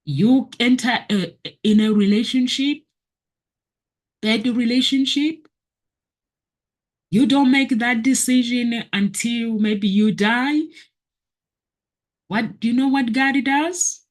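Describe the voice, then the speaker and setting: A woman's voice: a little high, takes it slowly, pauses often. A woman vlogger giving a personal spiritual testimony in an earnest, preachy manner, often repeating phrases for emphasis. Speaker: motivational vlogger.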